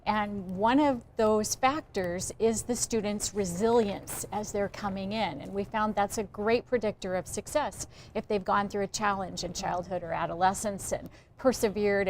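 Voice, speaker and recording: A woman's voice: mid-range voice, a little hiss or hum. A woman university chancellor answering interview questions in an articulate, earnest way.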